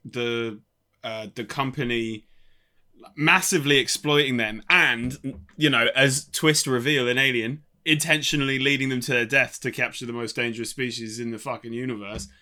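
A man's voice: medium pitch, fairly even intonation, normal speed, sharp tone. A man co-hosting a casual film podcast, rambling and swearing easily. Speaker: podcast co-host.

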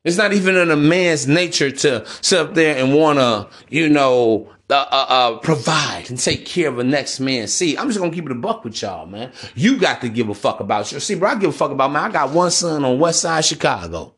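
A man delivering a casual podcast monologue in a blunt, preachy way, with frequent profanity. His voice sits somewhat high for a man. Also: expressive, brisk, few pauses, fairly bright tone. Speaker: podcast host.

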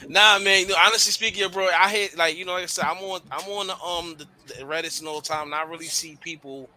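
A man's voice: high-pitched, steady tone, fast talker, bright, forceful tone. A young man hosting a casual podcast, talking bluntly about relationships with lots of slang and swearing. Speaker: podcast host.

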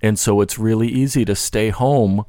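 A man with a fairly low voice talks in a loose, rambling way, full of restarts and fillers. It is a casual podcast conversation. The sound is dry and close. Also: normal speed, warm tone, no echo. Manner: rambling, many restarts and "you know" fillers.

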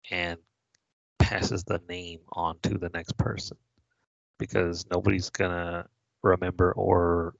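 A man's voice: deep voice, gravelly, no echo. A man co-hosting a casual podcast, laid-back and agreeable, explaining a plot in a dull lo-fi recording. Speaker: podcast co-host. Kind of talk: casual film chat. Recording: dull lo-fi sound.

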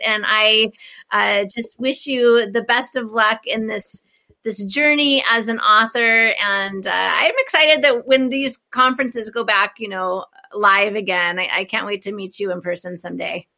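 Enthusiastic woman podcast host, bright voice. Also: a little high, unhurried. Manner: enthusiastic, effusive. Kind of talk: casual interview chat.

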